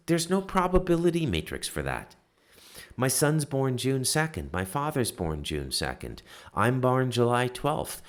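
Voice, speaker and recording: A man in his forties, hosting a solo commentary and ranting with profanity and loud outbursts, punctuating his points with "okay?". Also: mid-range voice. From Canada. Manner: repeats "okay?" to drive points home. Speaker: political commentary host.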